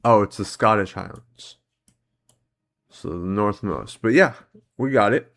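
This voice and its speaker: A man's voice: on the low side, measured pace, vocal fry, fairly bright tone, soft background music. A man hosting a guessing-game series, thinking aloud as he plays, hesitant, full of "um"s and self-corrections. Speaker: host playing geography and history guessing games. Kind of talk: casual commentary while playing.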